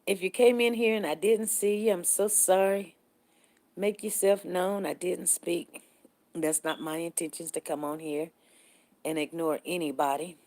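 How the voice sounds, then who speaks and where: A middle-aged woman hosting a casual morning live stream, chatting with viewers, greeting them by name and telling stories in an animated way. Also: fairly low pitch. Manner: animated storytelling, voices others in the story.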